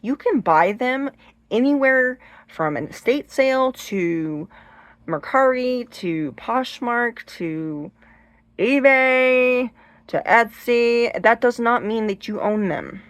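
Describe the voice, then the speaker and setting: A woman's voice: medium pitch, no echo. A woman hosting her own channel, giving casual advice in a chatty, rambling way, full of restarts and acted-out shrieks. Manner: emphatic, acts out shrieks and gestures. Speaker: channel host giving advice on haunted objects.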